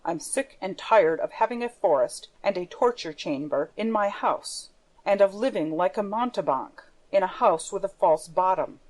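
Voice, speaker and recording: A woman's voice: medium pitch, lively intonation, moderate pace, darkish tone, close to an everyday voice, low-quality recording. A woman reading the part of a menacing masked male phantom, with a theatrical, darkly playful manner. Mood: brooding.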